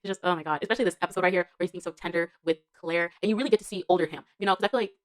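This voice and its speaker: With a fairly low pitch and a very fast delivery, a woman gives a casual TV show review as a vlogger. She rambles and gushes, fills her speech with slang and fillers, and laughs between remarks.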